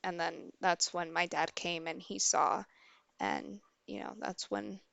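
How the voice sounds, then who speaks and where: A woman's voice: fairly low pitch, steady tone, creaky, fairly bright tone, no echo, lo-fi sound. Candid young woman telling a story. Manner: candid and halting, with many restarts. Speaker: streamer. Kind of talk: casual personal storytelling.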